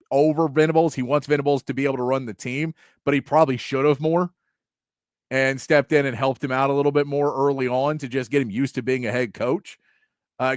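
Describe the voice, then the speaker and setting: A man's voice: medium pitch, dry recording, clean studio sound. A man hosting a sports talk show, chatting casually and acting out quotes in mock voices.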